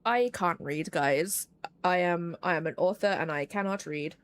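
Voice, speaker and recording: Playing a puzzle game on stream, a woman chats casually and pokes fun at herself, rambling along with plenty of fillers. Her voice is lowish and her pace normal.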